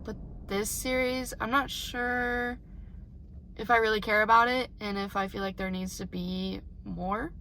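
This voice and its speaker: A woman's voice: medium pitch, fairly even intonation, measured pace, vocal fry, sharp tone, a little hiss or hum. A young woman chatting casually about books for her reading vlog, rambling and emotional, recorded in her car. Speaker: book vlogger.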